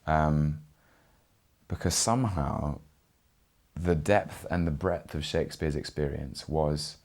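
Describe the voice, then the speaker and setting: A young man from Britain, an actor speaking in an interview, earnest and reflective with frequent pauses. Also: rumbling low, creaky, a little mellow.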